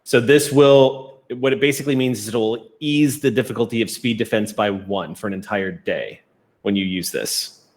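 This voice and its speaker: Man narrating as game master. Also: lowish voice. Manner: descriptive, unhurried narration with rules checks.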